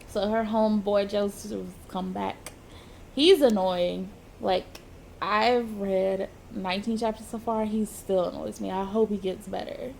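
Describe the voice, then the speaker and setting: A woman's voice: medium pitch, steady tone, a little slow, creaky, darkish tone, a little hiss or hum. A woman reviewing and reading a comic aloud in a chatty, casual way, laughing between remarks. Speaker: manga reviewer.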